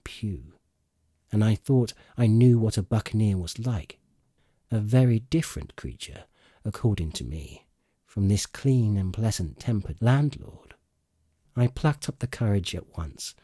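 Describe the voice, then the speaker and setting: A man narrating an audiobook in slow, expressive storytelling. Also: fairly low pitch, husky, no room sound, clean studio sound. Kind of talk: scripted narration.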